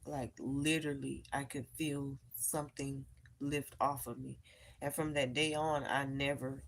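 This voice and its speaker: Low-voiced woman, emphatic live-stream storyteller. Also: a little slow, creaky. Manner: emphatic, animated storytelling, addresses viewers as y'all. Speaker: live-streamer and tarot reader. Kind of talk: casual live-stream chat with viewers. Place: at home.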